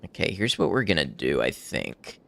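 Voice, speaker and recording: A man's voice: rumbling low, wildly swooping pitch, moderate pace, vocal fry, pushed and bright. A man casually commenting on his game as he plays, thinking aloud and chuckling often. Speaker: gaming streamer. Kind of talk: casual let's-play commentary.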